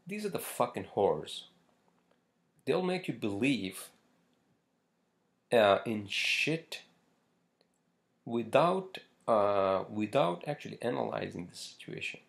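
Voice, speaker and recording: A man hosts a casual solo podcast in a low, gravelly voice. He rambles and curses freely, with plenty of fillers and restarts. His pitch rises and falls in a lively way as he talks. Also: slow pace, long pauses. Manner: rambling, profane, many fillers. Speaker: podcast host.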